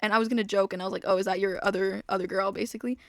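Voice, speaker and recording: A young woman chats through meandering stories as she plays a game. She keeps cutting herself off and drifts into quiet muttered asides. Her voice sits at a middle pitch and sounds dry and close to the mic. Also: fairly even intonation, racing, no room sound. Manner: rambling, self-interrupting, trailing off into mutters. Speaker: gaming vlogger. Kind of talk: casual storytelling while playing a game.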